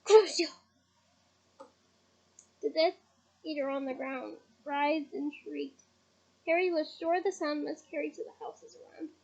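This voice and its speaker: Woman reader, high mellow voice, unhurried, deliberate storytelling, dull lo-fi recording. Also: steady tone. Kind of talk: audiobook reading.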